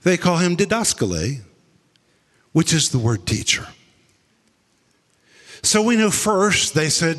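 A man's voice: very animated, slow pace, long pauses, a bit bright. Male preacher in an echoing hall. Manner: dramatic storytelling, acting out quotes with big swings in pitch and pace. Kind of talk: sermon.

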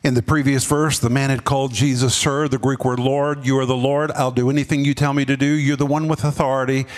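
A man's voice: mid-range voice, little pitch movement, a little fast, long reverb tail. A man preaching a sermon as pastor, emphatic, repeating words and dropping his voice for effect. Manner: preaching with sudden drops and emphatic repetition. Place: church.

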